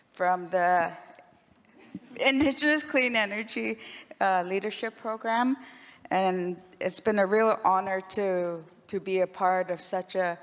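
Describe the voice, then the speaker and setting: Canadian woman speaking with feeling in a hall. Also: medium pitch. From west coast of British Columbia, Canada. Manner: warm, emotional, with restarts. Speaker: program graduate speaking at an event. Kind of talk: heartfelt onstage remarks. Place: large event hall. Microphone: stage microphone. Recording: long hall reverb.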